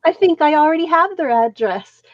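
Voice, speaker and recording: A woman in an online art group who is losing her voice, chatting in a brisk, friendly way. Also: high voice, animated, crowd noise. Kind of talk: casual chat. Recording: dull, lo-fi call audio.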